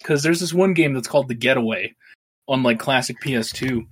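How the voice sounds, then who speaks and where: A man in casual conversation as a podcast co-host, playful and quick to laugh. His voice sits in an average pitch range. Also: a bit bright, a little hiss or hum. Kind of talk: casual chat.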